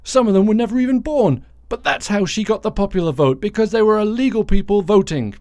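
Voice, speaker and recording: A man putting on an exaggerated impression of a blustering, indignant politician, loud and emphatic. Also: sits high, lively intonation, a little fast, voice pushed up.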